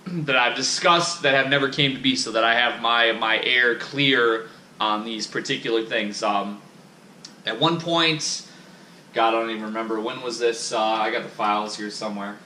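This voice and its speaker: A man's voice: mid-range voice, moderate pace, bright, forceful tone, echoey room, a little hiss or hum. A man vlogging in a casual, rambling monologue, profane and self-critical, with many restarts.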